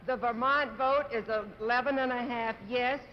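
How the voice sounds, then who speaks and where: A woman's voice: fairly high pitch, fairly even intonation, normal speed. A woman chairing a convention roll call, formally calling out states and reading each vote back. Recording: muffled old TV broadcast, faint hiss.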